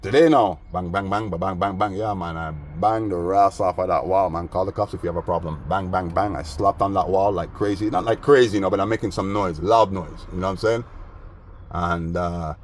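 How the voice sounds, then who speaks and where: A man's voice: deep voice, fairly quick, a little hiss or hum. A man rambling through a story in casual street slang, aggrieved and agitated. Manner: streetwise, peppered with "man" and "bro". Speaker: vlogger.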